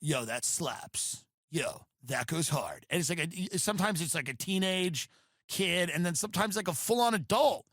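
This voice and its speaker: A man's voice: high voice, fairly bright tone, dry recording, studio quality. Sardonic man ranting on a podcast. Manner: sardonic ranting with mocking asides. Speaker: podcast host. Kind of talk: comedic podcast monologue.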